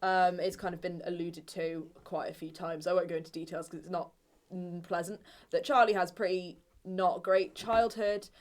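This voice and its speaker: A woman's voice: on the low side, fairly even intonation, moderate pace. A woman with an English accent chatting casually and rambling through her tabletop game character. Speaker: player.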